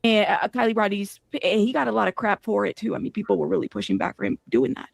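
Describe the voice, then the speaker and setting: A speaker on a casual livestream panel, asking quick questions full of fillers. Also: mid-range voice, creaky, no room sound.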